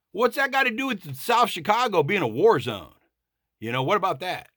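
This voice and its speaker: A man's voice: high-pitched, big pitch swings, brisk, a bit bright, no room sound, studio quality. A man vlogging a blunt, profane political rant straight to the camera.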